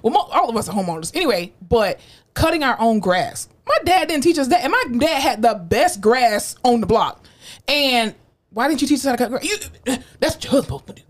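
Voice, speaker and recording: A woman in her thirties co-hosting a podcast, telling stories in casual chat, animated and profane, acting out quotes. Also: a little high, a little fast. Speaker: podcast co-host.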